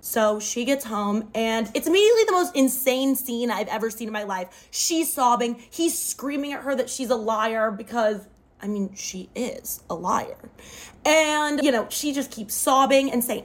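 A woman's voice: a little high, lively intonation, normal speed. A young woman telling a wild personal story to camera, dramatic and full of "like". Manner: dramatic retelling, often says "like". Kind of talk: storytime vlog.

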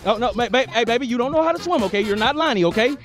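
Excited high-voiced man filming a lake outing. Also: very fast. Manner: excited, joking, calling out to family. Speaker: vlogger filming a family outing. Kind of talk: casual vlog chat. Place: outdoors at a lake beach. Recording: outdoor video with music and crowd.

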